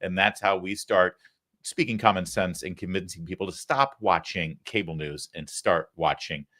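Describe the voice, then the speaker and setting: A middle-aged man hosting a live political talk show, delivering an energetic, emphatic monologue that swings between punchy lines and muttered asides. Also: deep voice, moderate pace. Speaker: show host.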